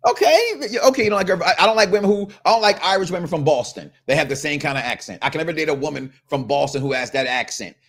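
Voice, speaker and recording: Animated joking Midwestern man host. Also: fairly high pitch, fast talker, hardly any pauses. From Chicago, US Midwest. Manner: animated, joking, keeps checking in with "okay?". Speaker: podcast host. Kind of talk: casual wrestling talk show chat.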